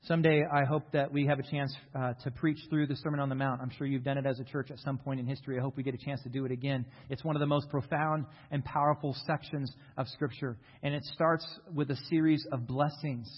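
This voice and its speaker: A man's voice: mid-range voice, flat delivery. An American man, a pastor, preaching a sermon earnestly and emphatically, leaning on key words, in a church sanctuary. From United States. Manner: earnest, emphatic preaching with slow stressed phrases. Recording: reverberant hall, dull lo-fi sound.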